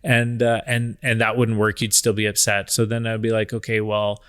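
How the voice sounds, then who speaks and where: A man in his thirties co-hosting a casual talk about marriage, calm and even-toned, thinking aloud with restarts. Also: lowish voice, normal speed, clean tone, dry recording, clean studio sound. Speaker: podcast co-host.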